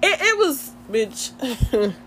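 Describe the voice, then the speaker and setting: A young woman chatting to her viewers in a lively, slangy storytime, laughing often. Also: high-pitched, slow pace, a little hiss or hum. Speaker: vlogger. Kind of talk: casual storytime chat.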